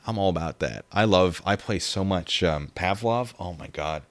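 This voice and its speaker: A young man with a slightly low voice hosts a casual livestream. He rambles loosely from one thought to the next and reads viewer comments aloud as he goes. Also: normal speed. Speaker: livestream host.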